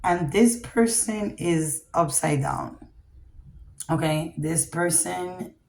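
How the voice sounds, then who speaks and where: Woman tarot reader, lowish voice, blunt and profane, echoey room. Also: takes it slowly, creaky, a little mellow. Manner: blunt, profane, keeps asking "okay?". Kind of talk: casual tarot reading.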